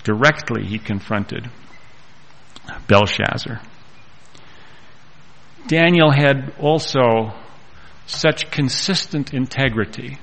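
A man preaching a sermon and reading scripture aloud, with slow, deliberate delivery and pauses. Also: mid-range voice, creaky, fairly bright tone, rough recording.

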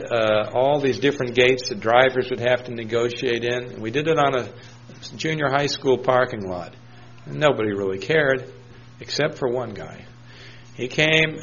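A man's voice: mid-range voice, a bit bright, muffled recording, a little hiss or hum. A man preaching a sermon in a conversational storytelling manner, quoting scripture. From New Hampshire, USA.

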